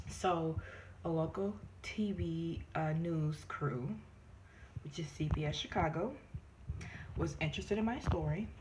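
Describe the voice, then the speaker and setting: A woman vlogs casually, telling her story with animated flair. Her voice sits low, and she often jumps up high to mimic others or drops to a near-whisper for asides. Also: noisy background. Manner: animated, acts out quoted voices in high pitch. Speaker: vlogger.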